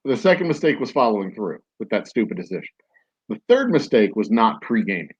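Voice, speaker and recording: A man's voice: on the low side, very animated, a little fast, breathy edge, lo-fi sound. A man hosting a podcast, telling a story casually, rambling with many fillers and restarts. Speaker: podcast host.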